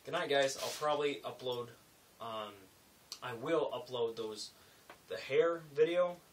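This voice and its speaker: A young man telling a rambling, animated story in a casual vlog, full of asides and self-corrections. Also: mid-range voice, a little slow, far from the mic, slight background noise, poor audio. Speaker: vlogger.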